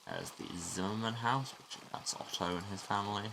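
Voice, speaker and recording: A man's voice: on the low side, normal speed, gravelly, noisy background. A man hosting a let's play, giving wry, muttered asides about the game as he plays. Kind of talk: game commentary.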